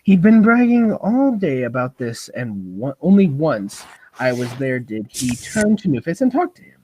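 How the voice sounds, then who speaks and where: A man on a comedy podcast reading a reddit story aloud in a low, grave tone, his mic sounding distant at times. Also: very animated, moderate pace, dark tone. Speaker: podcast co-host and story reader. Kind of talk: casual podcast chat and dramatic story reading.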